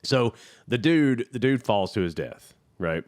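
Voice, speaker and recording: A man's voice: mid-range voice, expressive, a little slow, darkish tone. A man co-hosting a podcast, retelling a movie in rambling casual chat with many restarts. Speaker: podcast co-host.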